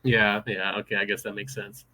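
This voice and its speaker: A man hosts a podcast in easygoing conversation. He sounds excitable and breaks into laughs often. His voice is bright and forceful. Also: lowish voice, a little fast. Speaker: podcast host. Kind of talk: casual chat.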